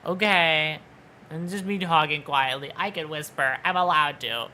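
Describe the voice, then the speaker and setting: A woman streamer chatting casually on a livestream, quiet and soft-spoken, playful, with halting restarts, at a home desk mic. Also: low voice, a little hiss or hum. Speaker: VTuber streamer. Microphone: desk microphone.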